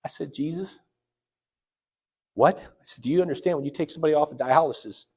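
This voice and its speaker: Husky man preaching a story sermon. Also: fairly quick, mellow. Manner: storytelling, acts out quoted dialogue with big swings in pitch and volume. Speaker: church elder preaching. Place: church sanctuary.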